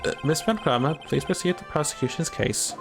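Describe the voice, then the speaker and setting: A man voicing a stern, formal judge who speaks in measured courtroom phrasing. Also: fairly high pitch, expressive, creaky, music in the background. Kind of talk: voice acting a game's dialogue.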